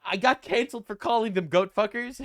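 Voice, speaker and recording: A man's voice: high-pitched, fairly quick. A young man hosting a reaction video, cracking crude, sarcastic jokes about news clips. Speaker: commentary host. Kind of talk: reaction commentary.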